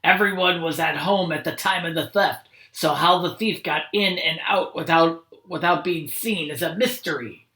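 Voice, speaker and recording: A man's voice: fairly high pitch, normal speed, few pauses, pushed and bright. Man reading as a grave police officer. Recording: roomy echo.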